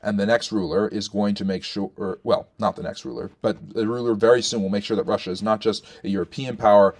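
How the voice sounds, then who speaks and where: A man talking as a historian, explaining and ranking rulers off the cuff, with many fillers and restarts as he thinks aloud. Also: on the low side. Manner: thinking aloud with frequent fillers and self-corrections.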